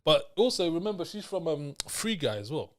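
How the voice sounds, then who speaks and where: A man's voice: a little high, big pitch swings, normal speed. A young man co-hosting a film review podcast in casual chat, easygoing and teasing.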